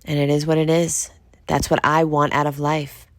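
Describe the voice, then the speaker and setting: A woman's voice: sits low, flat delivery, moderate pace, dry recording, clean studio sound. A woman hosting a podcast, talking alone in a frank, confessional way, swearing freely and asking listeners direct questions. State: just woke up. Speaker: podcast host. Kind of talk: candid solo monologue.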